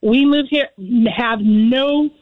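Woman, radio caller, tinny phone line, highish voice, folksy, chatty. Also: takes it slowly, no echo. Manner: chatty, folksy, laughs while talking. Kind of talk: call-in chat.

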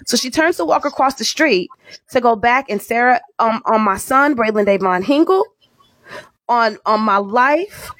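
A woman's voice: fairly high pitch, normal speed, a bit bright, no echo. Dramatic storytelling radio woman. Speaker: radio personality. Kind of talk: storytelling in casual chat.

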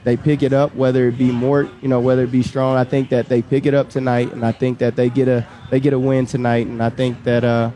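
A man's voice: medium pitch, a little fast, hardly any pauses. A man, a guest on a live radio pregame show, talking casually and often repeating himself. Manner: relaxed, repeats words, trails off. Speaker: guest, former player and high school coach. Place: outdoors on a restaurant patio.

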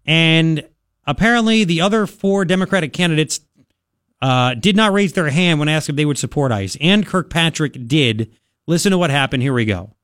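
A man hosting a political talk radio show, rambling and sarcastic in an animated way. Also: on the high side, normal speed, no room sound, studio quality.

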